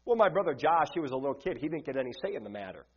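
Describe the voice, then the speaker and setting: A man's voice: sing-song, very fast, husky, muffled recording. A young man preaching an evening sermon, earnest and repetitive, with stumbling restarts. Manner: earnest, repeats words, drops low and soft in prayer.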